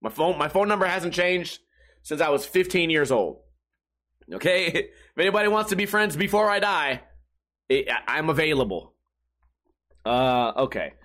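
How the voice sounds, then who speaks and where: A man's voice: a little high, lively intonation, moderate pace, long pauses, fairly bright tone. A man talking alone in a casual, rambling monologue, swearing freely and mimicking other people in mocking voices.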